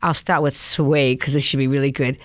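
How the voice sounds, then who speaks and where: A woman's voice: a bass voice, fairly even intonation, moderate pace, no echo, studio quality. A woman with a Boston accent hosting a casual talk show, brash, jokey and chatty. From Boston area. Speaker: host. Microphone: studio mic.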